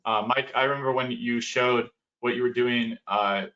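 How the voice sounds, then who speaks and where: A man's voice: mid-range voice, fairly even intonation, normal speed, sharp tone. A male host on a video call asking a guest a long, rambling question full of fillers. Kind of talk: casual webinar talk. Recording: dull lo-fi call audio.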